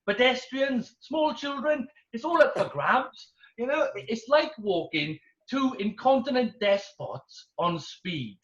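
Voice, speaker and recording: A British man doing wry, deadpan observational stand-up comedy. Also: high voice. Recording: roomy, dull-sounding.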